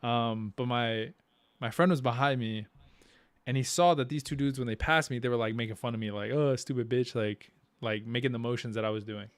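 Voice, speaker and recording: A man's voice: mid-range voice, fairly even intonation, a little fast, no room sound. Young guy on a podcast, laughs a lot, cusses, dry close mic. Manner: laughs often, swears freely, slangy. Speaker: podcast co-host. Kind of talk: casual chat, storytelling.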